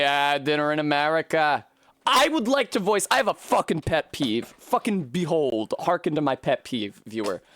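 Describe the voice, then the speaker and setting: A woman streams a video game with casual, profane live-stream commentary, rambling off on tangents and letting out high yelps and shrieks whenever things go wrong. The recording is dry and studio quality.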